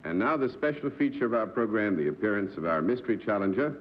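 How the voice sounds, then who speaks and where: A man's voice: fairly low pitch, expressive, fast talker. A man hosting a live 1960s television panel game show, genial and chatty, laughing easily with his guests. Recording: dull 1960s TV broadcast audio with faint hiss.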